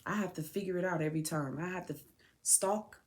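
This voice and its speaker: Speaking a little fast in a voice on the low side, a woman who hosts a podcast addresses her son directly. It is an emotional personal address, raw, tearful and heartfelt.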